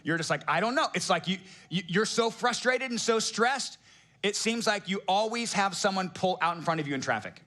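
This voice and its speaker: A middle-aged male pastor preaching a sermon with a somewhat high-pitched voice. His delivery is casual and joking. He keeps turning to the congregation with rhetorical questions. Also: lively intonation, normal speed, a bit bright.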